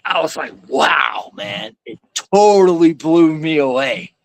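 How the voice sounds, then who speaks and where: A man's voice: fairly high pitch, expressive, normal speed, a little mellow, no room sound. A man telling his faith testimony as a guest, in a rambling, slangy way, often saying "man" and "like". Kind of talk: casual storytelling.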